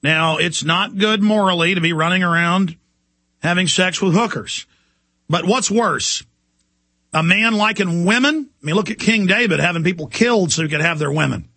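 A man's voice: sits high, fairly quick, pushed and bright, no room sound. A man delivering an impassioned, indignant talk radio monologue as the show's host.

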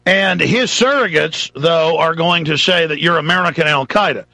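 A man's voice: on the high side, moderate pace, creaky, hardly any pauses, sharp tone, no room sound. A man hosting a talk radio show, ranting in a rambling, dramatic monologue.

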